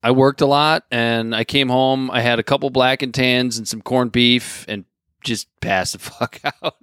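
A man's voice: medium pitch, fairly even intonation, a little slow, a bit bright, clear, resonant tone, dry recording. Man from Michigan, podcast co-host, teasing, ranty, dry close sound. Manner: teasing, ranting opinions. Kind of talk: casual banter.

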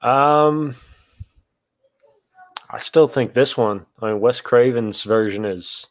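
A man's voice: mid-range voice, takes it slowly. Easygoing man guest who laughs. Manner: easygoing, laughs after his points. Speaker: podcast guest. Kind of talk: casual movie review chat.

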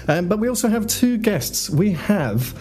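A man hosting a podcast in casual chat, talkative and quick to laugh. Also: sits high, very animated, darkish tone. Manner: chatty, laughs often, with filler restarts. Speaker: podcast host.

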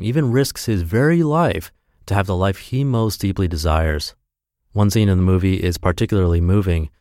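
A man's voice: deep voice, darkish tone, dry recording. A man narrating a podcast, reading a blog post aloud in an earnest, emphatic way on a close mic.

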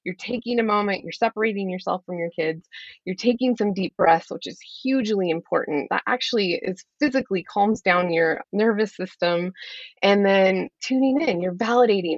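A woman's voice: mid-range voice, normal speed, no room sound, dull audio. A middle-aged woman who coaches parents, speaking openly and earnestly in a podcast interview, explaining with light laughs.

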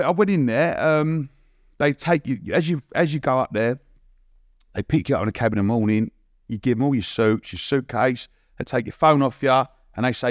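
A young man tells stories in a loose, chatty way, full of slang and laughter. His voice sits at a middle pitch, and the sound is close and dry, with no room around it. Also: no room sound. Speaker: podcast guest. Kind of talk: casual storytelling.

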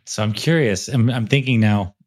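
A man's voice: fairly low pitch, moderate pace. A man hosting a podcast, who sums up his guest's story and asks her reflective follow-up questions. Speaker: podcast host. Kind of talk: interview questions.

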